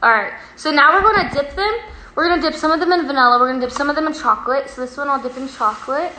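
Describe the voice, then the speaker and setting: A woman's voice: high voice, racing, pushed and bright, roomy sound, a little hiss or hum, rough recording. A young woman hosting a casual livestream from a home kitchen at a sleepover, playful and giggly. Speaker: livestream host.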